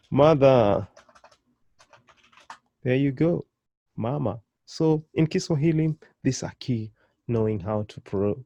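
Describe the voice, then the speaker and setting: Patient, encouraging male teacher with a warm, dark tone, recorded dry and close, who drills each word slowly. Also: medium pitch, dry recording, highs cut off. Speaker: Swahili language teacher. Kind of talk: online language lesson.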